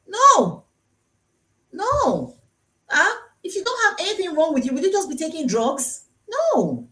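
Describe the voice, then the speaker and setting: A woman's voice: very high-pitched, wildly swooping pitch, measured pace, sharp tone. A Nigerian woman dentist hosting a live-streamed health talk, chatty and teasing, who repeats her key points for emphasis. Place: dental clinic.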